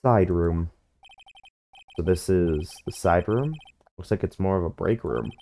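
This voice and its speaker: A man's voice: low voice, a little slow, gravelly, warm tone. A man reading game dialogue aloud in a dry, wry tone during a playthrough.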